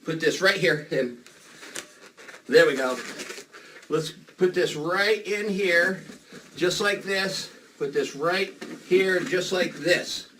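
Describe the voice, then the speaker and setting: A man performing a children's magic show, playful and animated as he talks to the kids. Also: high voice, takes it slowly, pauses often. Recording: distant mic, faint noise.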